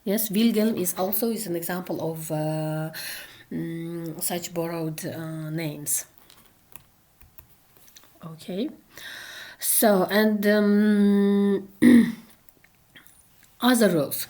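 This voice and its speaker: Slow, halting woman lecturer. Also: on the low side, steady tone, dark tone. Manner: slow and halting, frequent fillers and "yes" checks. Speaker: university lecturer. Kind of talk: recorded lecture on translation theory.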